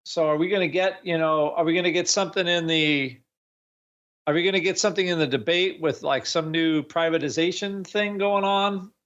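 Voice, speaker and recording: A man's voice: a little high, fairly even intonation, normal speed, a bit bright, highs cut off. A man on a finance talk show giving his view of a trade in a hesitant way, with many fillers and restarts. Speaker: panelist. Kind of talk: casual market talk.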